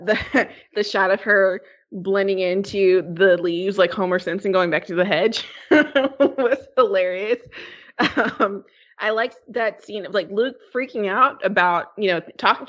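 Giggly woman rambling on a podcast, mid-pitched voice, kinda dull lo-fi sound. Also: a bit bright. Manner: giggly, rambling, quick to laugh. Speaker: podcast co-host. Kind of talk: casual chat.

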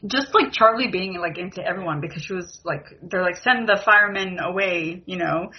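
A woman's voice: on the low side, fairly quick. Giggly woman recapping a TV episode. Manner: chatty, giggly, filler-heavy. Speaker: podcast co-host. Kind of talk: casual TV recap chat. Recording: muffled lo-fi audio.

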